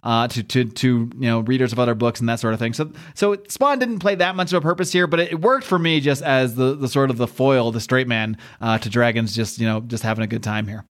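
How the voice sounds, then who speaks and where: A man's voice: mid-range voice, fairly quick, hardly any pauses. A man hosting a comic book podcast in casual, enthusiastic chat, rambling through the story and laughing often.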